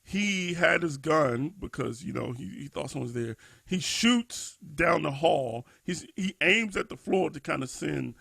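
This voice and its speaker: Gravelly-voiced man thinking aloud. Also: on the high side, animated, unhurried, hardly any pauses, sharp tone, no room sound. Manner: thinking aloud, many restarts and fillers. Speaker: podcast co-host. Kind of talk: casual discussion podcast.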